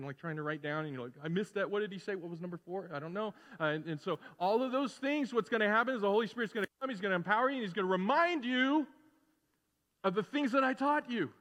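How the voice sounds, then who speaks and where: A man preaching a sermon to his congregation, conversational and joking, shifting between emphatic points and soft asides. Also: high-pitched. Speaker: pastor. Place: church sanctuary. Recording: long reverb of a church hall.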